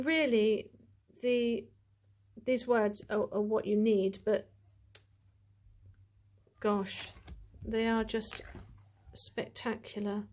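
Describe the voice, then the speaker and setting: A woman's voice: fairly high pitch, a little mellow. A woman chatting to camera as she reviews a tarot deck, gushing, rambling and full of asides.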